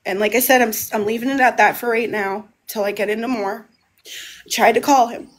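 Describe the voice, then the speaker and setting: A woman's voice: on the high side, fairly even intonation, fairly quick. A woman talking on a casual livestream from home, rambling and restarting her phrases. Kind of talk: casual live monologue.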